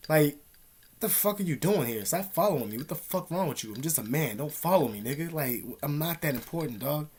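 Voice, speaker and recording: A man's voice: on the high side, expressive, brisk, a little mellow, a little hiss or hum. A young man vlogging from an indoor room, telling a story in a rambling, profane, streetwise way. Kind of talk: casual storytelling to camera.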